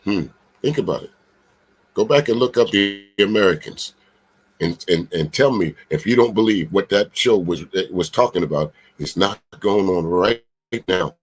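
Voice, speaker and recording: A man hosting casual commentary, rambling and searching for words in a husky voice. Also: low voice, expressive, normal speed. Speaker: host.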